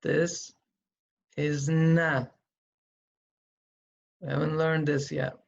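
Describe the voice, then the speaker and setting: A man teaching Quran reading in a slow, step-by-step tutorial, patiently thinking aloud as he writes. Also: a little high, level tone, creaky, muffled recording.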